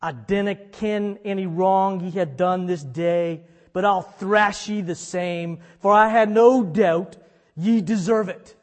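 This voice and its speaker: A stern, harsh Scottish father speaks bluntly, as a man puts on the voice. The voice sits high with a Scottish accent. A long reverb trails each phrase. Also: slow. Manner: blunt, severe. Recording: reverberant hall.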